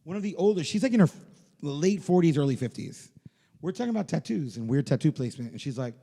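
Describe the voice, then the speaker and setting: A man co-hosting a podcast, chatting casually and animatedly, his fairly high voice swinging all over the place. He swears freely and laughs his way through a story. The sound rings with a long reverb. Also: expressive, quick pace, gravelly, dark tone. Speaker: podcast co-host. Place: podcast studio.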